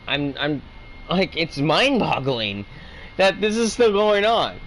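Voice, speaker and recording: A man's voice: on the high side, sing-song, takes it slowly, a bit bright, a little hiss or hum, rough recording. A man giving a heated, profane opinion rant as a video reviewer. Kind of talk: ranting opinion commentary.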